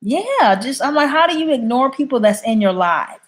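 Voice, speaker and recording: A woman's voice: high voice, big pitch swings, normal speed. A woman chatting casually on a livestream, reading viewer comments and answering them bluntly. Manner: blunt, opinionated. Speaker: YouTube live streamer.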